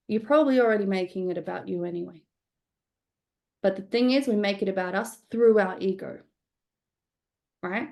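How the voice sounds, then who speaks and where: Female business coach, gravelly texture, candid and conversational, leading a live workshop. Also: mid-range voice, a little mellow. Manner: conversational, frequent "right?" check-ins, casual swearing.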